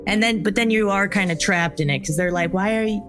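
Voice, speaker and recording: A woman on a podcast in casual chat, telling a quick, animated anecdote. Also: fairly low pitch, music in the background.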